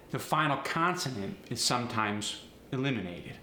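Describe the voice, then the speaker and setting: A man teaching as a dialect coach, explaining pronunciation deliberately and speaking directly to viewers. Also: medium pitch, expressive, bright, forceful tone. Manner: slow, deliberate demonstration of pronunciations; direct, encouraging address to viewers. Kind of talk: instructional video narration. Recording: echoey room with faint noise.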